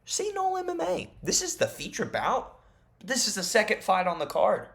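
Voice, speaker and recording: A man talking to camera in a casual fight-prediction vlog, rambling like an animated fan and jokingly insisting his made-up leaks are real. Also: sits high, moderate pace, creaky. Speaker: MMA YouTuber.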